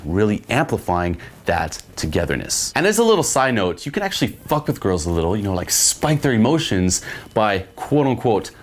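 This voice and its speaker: Casual, profane male dating coach. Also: lowish voice. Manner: casual and profane, keeps checking in with "okay?". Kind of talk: instructional monologue.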